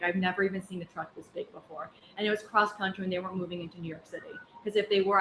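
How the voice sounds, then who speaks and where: A woman's voice: medium pitch, fairly bright tone. Woman, chatty Buddhist teacher, roomy echo, faint background hum. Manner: conversational, anecdotal, many fillers. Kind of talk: casual dharma class talk. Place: class room. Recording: echoey room with faint ambience.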